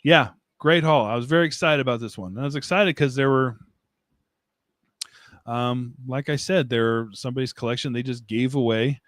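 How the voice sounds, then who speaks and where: A man's voice: medium pitch, normal speed, fairly bright tone, dry recording, clean studio sound. A man hosting a casual live stream, rambling, joking at his own expense and laughing often as he answers chat comments. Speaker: livestream host. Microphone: desk mic, streaming setup.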